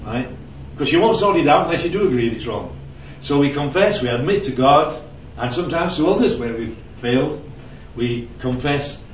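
A man's voice: mid-range voice, lively intonation, moderate pace, hardly any pauses, a little hiss or hum. A man preaching a sermon in a conversational way, asking the audience questions and telling anecdotes. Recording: roomy, distant, dull lo-fi sound with faint ambience.

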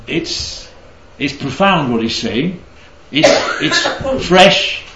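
A man leads a Bible study with a lively, rising and falling voice, constantly checking in with his listeners. The sound is roomy and a little dull. He teaches in an interactive, conversational way. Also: on the high side, extremely slow, heavy background noise. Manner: keeps checking in with the group. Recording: roomy, slightly dull recording.

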